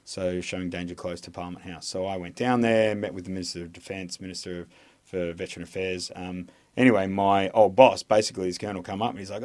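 Low-voiced Australian man, rambling and swearing. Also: little pitch movement, fast, a little mellow. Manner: rambling, frequent swearing, heavy hesitation. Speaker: army veteran guest. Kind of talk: candid podcast interview.

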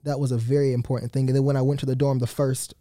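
A young man from Atlanta answers interview questions in a quick, earnest and polite way. His voice is mellow and unhurried in tone, though his words come fast. The studio sound is dry and close. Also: mid-range voice, level tone, no echo. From Atlanta, Georgia. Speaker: student guest. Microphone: studio mic.

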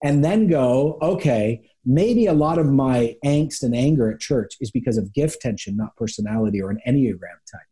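A man speaks as a guest pastor on an interview podcast, with a mellow, warm tone. He tells lively stories, slipping into quick impressions of the people in them. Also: medium pitch. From Canada. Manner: animated storyteller, acts out quick voices of people. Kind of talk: conversational interview.

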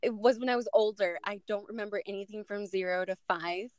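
A woman hosting a relaxed panel chat, speaking conversationally with small hesitations. Her voice sits at an everyday pitch on a dry, close recording. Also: a little fast, no echo. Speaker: host.

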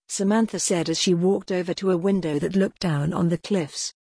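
Woman, storybook narration, calm and even, dry close sound. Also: fairly low pitch, brisk, hardly any pauses, breathy edge, no echo. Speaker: audiobook narrator.

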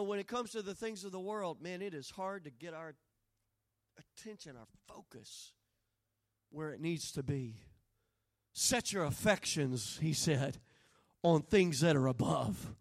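High-voiced preacher. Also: male voice. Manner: swells from quiet storytelling to loud, rising preaching. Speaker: pastor. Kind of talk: sermon.

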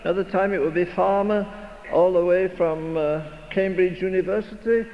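Older male preacher, high voice, emphatic rhetorical delivery, faint noise on the tape. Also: steady tone, normal speed. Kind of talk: sermon. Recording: dull recording in a reverberant hall, faint noise.

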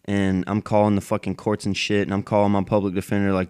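A man's voice: fairly low pitch, monotone, quick pace, darkish tone, smooth. A man telling a personal story into a microphone in a casual monologue, rambling and heated, cursing constantly. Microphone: plug-in microphone.

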